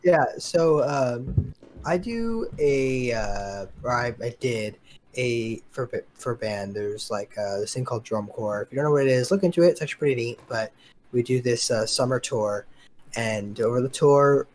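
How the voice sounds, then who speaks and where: A man's voice: mid-range voice, moderate pace, a little mellow. A young man co-hosting a podcast over a voice call, rambling through frank opinions in a laid-back, casual way. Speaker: podcast co-host. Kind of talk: casual chat. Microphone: remote voice call.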